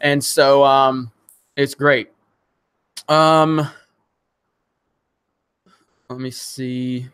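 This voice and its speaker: A man's voice: medium pitch, flat delivery, very slow, long pauses, fairly bright tone, clean tone. A man hosting a casual live stream, reading viewer comments and rambling in a frustrated way, with many restarts, fillers and some swearing. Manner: swears when angry.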